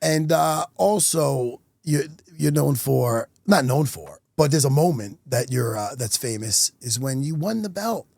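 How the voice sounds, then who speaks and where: A middle-aged man telling stories as a podcast guest, animated and profane. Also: mid-range voice, unhurried, creaky, few pauses, no echo. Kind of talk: casual podcast chat.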